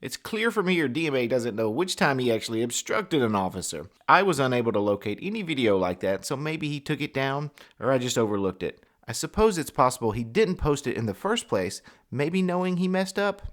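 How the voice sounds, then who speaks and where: A man's voice: mid-range voice, sing-song, fairly quick, hardly any pauses. A man hosting a video commentary channel, narrating a script with wry, sarcastic remarks.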